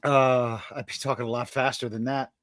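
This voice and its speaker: A male stream host who rattles along fast and excitable, cursing freely as he rambles. His voice sits at a middling pitch. The sound is dry and close. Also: no echo. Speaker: live stream podcast host. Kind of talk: casual chat.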